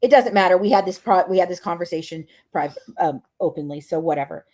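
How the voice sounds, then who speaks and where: A woman's voice: lowish voice, animated, fast, a little mellow. A woman hosting a podcast, telling a story in a casual rant that is profane, emphatic and dramatic. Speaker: podcast host.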